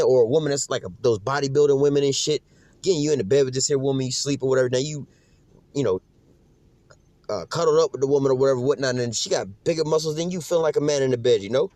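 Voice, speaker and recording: A man's voice: mid-range voice, a little mellow, no echo. A man ranting casually in slang and profanity, rambling loosely and tagging his points with "man" and "you know what I'm saying.". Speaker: commentator.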